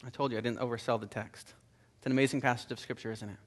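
A male pastor with a medium-pitched, steady voice gives an earnest, conversational sermon to a congregation in a church room, racing as he goes. The sermon includes prayer and a scripture reading, and he often repeats words.

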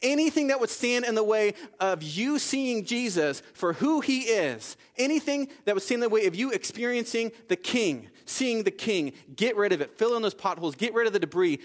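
A man's voice: high-pitched, lively intonation, normal speed, few pauses. A man preaching a sermon in a conversational way, with frequent asides like "right?" and "okay?", acting out the quoted lines. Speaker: pastor.

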